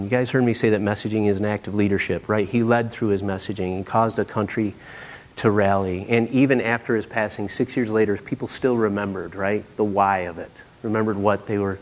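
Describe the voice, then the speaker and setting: A man in his thirties giving a conference keynote, telling stories and often checking in with "right?". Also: lowish voice. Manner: animated, acts out quotes, frequent "right?". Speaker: keynote speaker. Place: conference stage.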